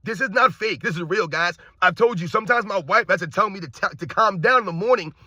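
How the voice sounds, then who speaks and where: A middle-aged man ranting loudly and combatively as a sports commentary YouTuber, projecting his voice. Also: sits high, fast talker, breathy edge, no echo, dull audio. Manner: loud, projecting, animated, combative. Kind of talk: loud opinionated rant.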